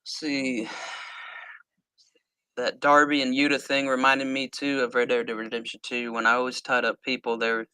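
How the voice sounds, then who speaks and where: A man hosting a casual podcast chat, laid-back and quick to laugh and agree. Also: mid-range voice, completely flat delivery, bright, forceful tone, smooth, no room sound, poor audio.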